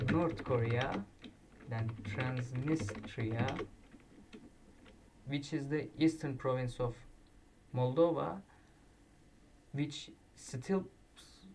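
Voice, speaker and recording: Man, quiz video commentary, halting self-corrections, distant mic. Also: mid-range voice, noisy background. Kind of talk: casual commentary while playing a flag quiz. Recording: distant mic with loud keyboard typing. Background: keyboard clicks and typing.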